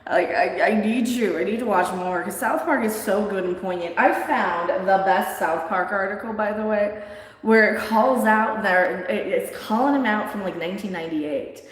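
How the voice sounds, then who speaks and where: A woman's voice: mid-range voice, moderate pace. Woman, livestream host, rambling blunt chat, frequent laughter, very echoey room with long reverb.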